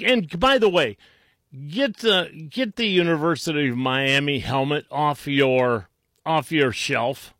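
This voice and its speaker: A man's voice: on the high side, a bit bright, no echo, studio quality. A man hosting a talk radio show, mocking and combative in tone, with frequent restarts.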